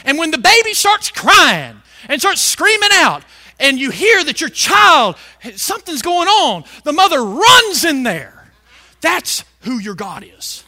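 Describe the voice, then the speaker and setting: High, bright-voiced fiery male preacher. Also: sing-song. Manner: fiery, shouting emphasis with big swings in loudness; drawn-out stretched words for emphasis. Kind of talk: sermon.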